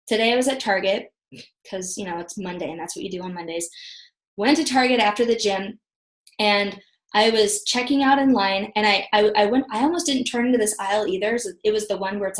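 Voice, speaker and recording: A woman in her thirties leads a motivational training call, her voice pitched a little high. She talks in a chatty, animated way, acting out quotes as she tells stories. The sound carries some echo from the room on the video call. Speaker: team leader giving a training call.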